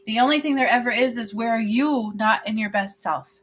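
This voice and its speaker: A woman's voice: fairly high pitch, a little fast, a bit bright, a little hiss or hum. A middle-aged woman, a spiritual healer, talking earnestly to her livestream viewers and checking in with them often. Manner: earnest, repetitive, addresses viewers directly.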